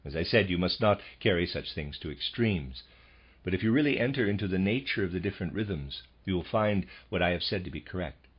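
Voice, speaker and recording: A man giving a measured, formal reading of a lecture for an audiobook. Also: low voice, animated, breathy edge, dull audio. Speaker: audiobook narrator.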